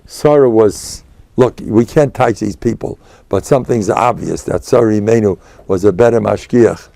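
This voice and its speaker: An older American rabbi and spiritual mentor gives a Torah lecture in a lowish, creaky, warm voice at a moderate pace, with no room sound. He tells stories digressively, sprinkling in Yiddish and Hebrew terms.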